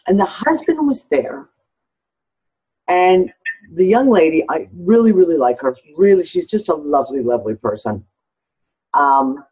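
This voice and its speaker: A woman speaking openly in a relaxed group discussion, heard over a video call. Her voice is a little husky. She swears freely and lifts into the voices of the people she quotes. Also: low voice, rough recording. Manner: candid and expressive, swears freely, acts out others' lines. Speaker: discussion participant.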